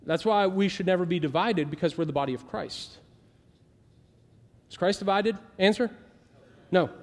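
A man preaching a casual, animated sermon as pastor, acting out quoted voices as he goes. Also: high voice, moderate pace, long pauses. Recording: long hall reverb.

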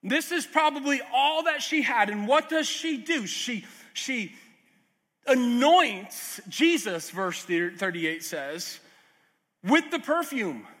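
A man preaches to his congregation in an earnest, chatty way, stopping for asides and small jokes. His voice sits very high and rings bright and sharp. The sound carries a long reverb from the church hall. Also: expressive, slow pace. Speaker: pastor. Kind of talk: sermon.

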